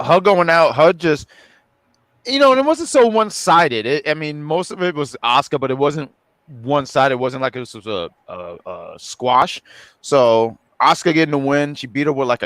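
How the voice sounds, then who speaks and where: A man's voice: medium pitch, sing-song, moderate pace, a bit bright, clear, resonant tone, dry recording. A man co-hosting a casual online chat, rambling with many fillers and restarts. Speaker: co-host.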